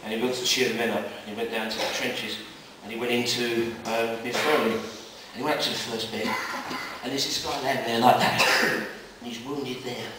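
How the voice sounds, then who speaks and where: A man doing stand-up, telling jokes in a brisk storytelling manner and jumping his pitch up for quoted characters. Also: fairly even intonation, background noise. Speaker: stand-up comedian. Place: live comedy venue. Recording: echoey live room, mic at a distance.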